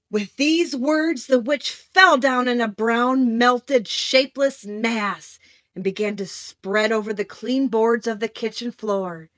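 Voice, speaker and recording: A woman reading a children's classic aloud as an audiobook narrator, steady and clear. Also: fairly high pitch, slow, no room sound, lo-fi sound. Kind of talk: scripted storybook narration.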